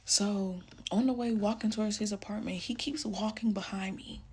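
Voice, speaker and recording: A young woman telling a personal story casually, full of "like", often dropping into a hushed voice. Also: mid-range voice, fairly even intonation, moderate pace, breathy edge. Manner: casual, fillers like "like", drops to hushed tones.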